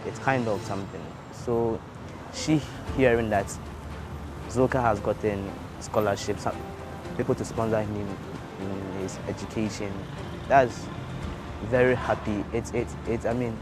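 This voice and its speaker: A young man, a scholarship student who answers interview questions haltingly and repeats his words. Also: lowish voice, steady tone, rough recording. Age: young adult. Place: outdoors in town. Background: music and passing vehicles.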